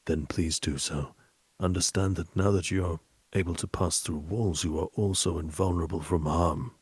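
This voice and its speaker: A man voicing a courteous, old-fashioned ghost gentleman who speaks in a formal, measured way. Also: low-pitched, fairly even intonation, slightly rough, no echo. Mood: calm.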